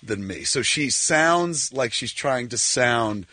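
A man in his forties telling stories as a guest on a talk show, acting out quotes with lively voices. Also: medium pitch, slow pace. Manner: animated storyteller, acts out quotes. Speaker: filmmaker guest. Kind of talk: casual talk-show storytelling.

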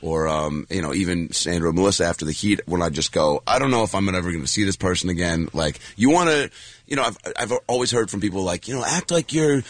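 A man being interviewed as an actor, telling stories in a rambling, animated way with lots of fillers and restarts, acting out what others said. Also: sits low, fast, no echo. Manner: animated storyteller who acts out quoted voices. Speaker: actor and guest. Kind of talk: casual anecdotal chat.

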